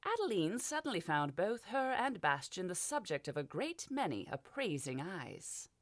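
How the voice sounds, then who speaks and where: A woman reads a fantasy audiobook with expressive storytelling. Her voice is on the low side but moves a lot in pitch. The sound is dry and close, with no room. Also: moderate pace, no room sound. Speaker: audiobook narrator. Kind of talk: scripted audiobook narration.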